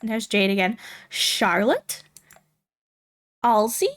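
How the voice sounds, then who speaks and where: Taking it slowly, this young woman speaks in an animated, mid-range voice as she plays a game on stream. Her talk is loose, rambling livestream chatter punctuated by frequent giggles.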